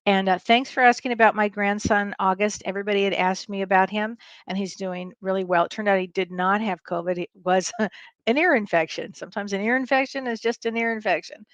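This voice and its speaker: An older woman hosts a live online show as a spiritual medium, talking from her home on a farm. She chats in a casual, upbeat way, greeting viewers by name between small laughs. Her voice sits at an ordinary pitch and sounds dry and close, with no echo around it. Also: fairly bright tone, lo-fi sound.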